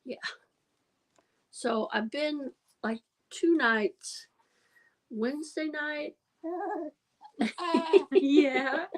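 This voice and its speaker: Speaking very slowly in a high-pitched voice and pausing often, a woman hosts a casual livestream where she chats with viewers, tells wandering stories, and laughs a lot. It's a low-quality recording.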